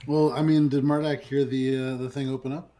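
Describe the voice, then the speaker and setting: A casual player chats and jokes through a tabletop game session. The voice sits in an ordinary middle pitch, with an easygoing delivery. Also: little pitch movement, fairly quick, mellow, soft background music. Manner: casual, joking.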